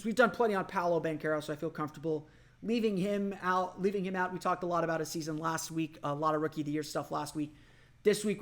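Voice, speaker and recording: A man's voice: sits high, fairly bright tone. A man from Orlando hosting a solo sports podcast, thinking aloud in a loose, conversational way. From Orlando, Florida. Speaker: podcast host.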